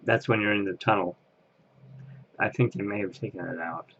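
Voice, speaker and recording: A man's voice: on the low side, steady tone, normal speed, fairly bright tone, muffled recording, a little hiss or hum. A man chatting casually on camera as an interviewee, rambling and laughing at himself. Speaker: Disney fan interviewee. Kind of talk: casual chat.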